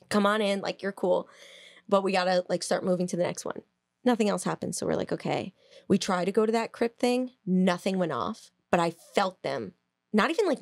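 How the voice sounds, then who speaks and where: A woman co-hosting a podcast, telling a story in a casual, animated way, laughing, swearing and acting out quotes. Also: mid-range voice, gravelly, no room sound, clean studio sound. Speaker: podcast co-host.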